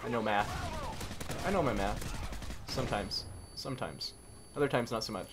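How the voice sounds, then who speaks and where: A man's voice: medium pitch, normal speed, noisy background. A man commentating his own shooter gameplay, talking to himself and swapping in mild words for swears. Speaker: gaming commentator. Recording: gunfire game audio behind the voice. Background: game gunfire.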